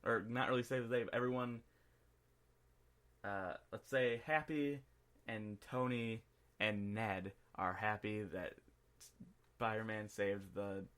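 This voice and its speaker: A man's voice: on the low side, steady tone, slow pace, pauses often, a bit bright. A man co-hosting a podcast, chatting casually about a film and acting out scenes as he retells them. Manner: rambling, acts out scenes in quoted voices. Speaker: podcast co-host. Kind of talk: casual movie review chat.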